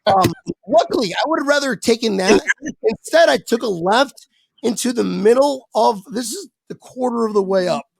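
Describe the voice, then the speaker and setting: Gravelly man telling a rowdy story. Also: very high voice, normal speed, no echo. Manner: animated, swearing, acts out quoted voices. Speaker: podcast guest. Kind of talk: casual storytelling on a podcast.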